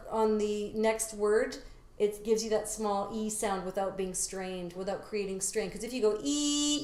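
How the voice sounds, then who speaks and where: A woman's voice: mid-range voice, roomy sound. A woman vocal coach teaching a singing lesson step by step, now and then singing short phrases to show a point. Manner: explains step by step, demonstrates sung phrases.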